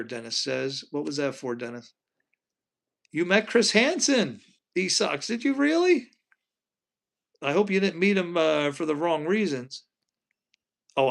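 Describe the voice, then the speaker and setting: A man's voice: medium pitch, creaky, fairly bright tone. A man hosting a casual live stream from home, chatting loosely and reading out viewer comments. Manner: chatty, rambling, asks viewers questions.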